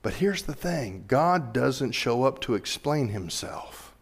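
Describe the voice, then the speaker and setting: Animated male preacher in echoey hall. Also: medium pitch, slow, vocal fry, breathy edge. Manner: animated, climbs to loud emphatic peaks. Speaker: pastor. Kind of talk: sermon. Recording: reverberant hall.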